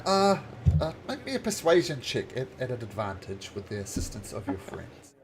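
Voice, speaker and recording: A man narrating a tabletop game as game master, halting often and filling gaps with "uh". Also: medium pitch, very animated, noisy background. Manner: halting, full of fillers.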